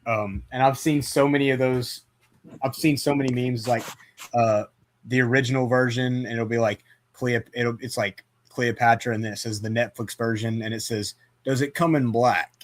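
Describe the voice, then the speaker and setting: A man's voice: medium pitch, flat delivery, moderate pace. A man hosting a casual movie chat, rambling with lots of fillers and restarts. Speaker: podcast host.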